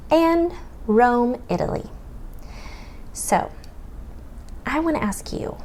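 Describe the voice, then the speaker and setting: An American woman tutoring children through a map lesson, in a slow sing-song manner that sometimes drops to a whisper. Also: a little high, creaky, mellow, a little hiss or hum. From United States. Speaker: homeschool tutor teaching children.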